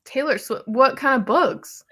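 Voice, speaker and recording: A young woman co-hosting a casual livestream chat, telling stories in an animated, lively manner. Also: sits high, a little slow. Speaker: livestream co-host.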